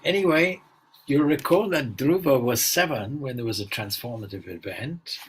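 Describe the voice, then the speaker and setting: Swami guy giving a laid back spiritual talk, husky voice, lots of little asides. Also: medium pitch, normal speed, rough recording. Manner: relaxed, musing, with frequent fillers and asides. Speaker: swami leading a spiritual gathering. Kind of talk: informal spiritual talk and storytelling.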